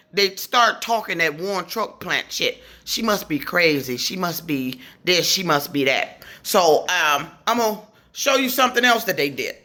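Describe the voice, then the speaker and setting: A woman's voice: medium pitch, sharp tone. A woman telling a long, rambling, profane story about her grievances in a casual vlog from her apartment. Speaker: vlogger.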